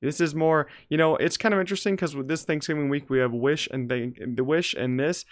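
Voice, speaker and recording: Chatty man with a smooth voice. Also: a little high, a little fast. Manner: chatty, leans on "you know" and "like". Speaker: movie reviewer. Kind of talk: casual review vlog.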